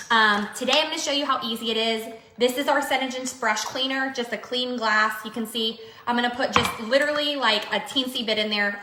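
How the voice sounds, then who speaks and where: A woman's voice: fairly high pitch, pushed and bright, reverberant. A woman vlogger chatting casually through a beauty product demo, upbeat and full of fillers. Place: home room by mirror.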